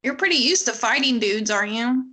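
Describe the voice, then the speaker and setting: A woman co-hosting a podcast, teasing her partner in a dry, deadpan way. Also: fairly high pitch, a little fast, husky. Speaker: podcast co-host. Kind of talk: casual chat.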